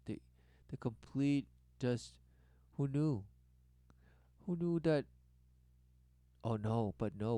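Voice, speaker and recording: A man giving rambling commentary on a video, swinging from loud exclamations to low muttering and repeating words over and over. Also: no echo. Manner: repetitive, breathless wordplay. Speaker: commentator reacting to a documentary.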